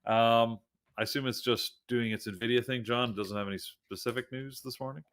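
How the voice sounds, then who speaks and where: A man's voice: medium pitch, fairly even intonation, normal speed, fairly bright tone. A man hosting a live trading show, talking through stock moves in a loose, thinking-aloud way with plenty of fillers. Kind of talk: live market commentary.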